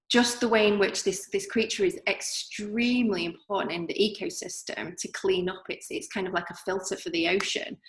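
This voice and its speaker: A woman with a softened northern English accent, talking casually as an artist guest, reflective and full of fillers. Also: fairly low pitch, echoey room, rough recording. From northern England. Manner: reflective, chatty, many fillers. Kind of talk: casual interview chat.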